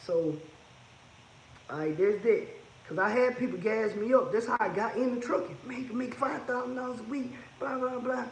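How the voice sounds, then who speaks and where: A trucking business owner gives casual, blunt advice about the costs of running his business, repeating points for emphasis. His high-pitched voice is a little mellow, heard in poor audio with an echoey room and slight background noise.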